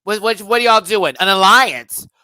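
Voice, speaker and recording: A man doing an impression of a loud, sassy drag queen who brushes off talk of an alliance and keeps repeating herself. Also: high voice, moderate pace, clean tone, no echo, voice pushed up. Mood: playfully evasive. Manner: brash, sassy, repeating itself.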